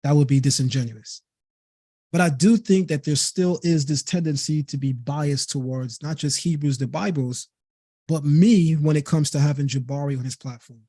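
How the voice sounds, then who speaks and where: A man's voice: a little high, normal speed, dark tone, no echo, clean studio sound. A young man of Caribbean descent hosting a late-night live stream, talking emphatically and repeating himself to drive his points home. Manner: emphatic, repetitive, stressing words to make a point. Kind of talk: heated live stream commentary.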